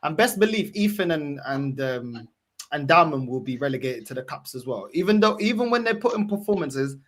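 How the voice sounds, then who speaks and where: A man with a London manner in heated casual football banter, animated and swearing, mimicking people he talks about. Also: fairly high pitch, brisk.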